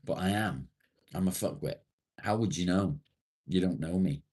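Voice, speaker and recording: A man's voice: deep voice, normal speed, darkish tone, slightly rough. A man hosting a casual live stream, reading viewers' comments aloud, swearing freely and rambling in a self-deprecating way.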